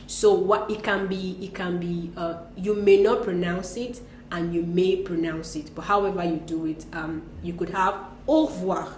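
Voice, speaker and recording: A woman's voice: on the low side, steady tone, reverberant, a little hiss or hum. Patient woman teaching French greetings. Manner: patient, explains slowly with repeated examples. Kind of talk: conversational language lesson.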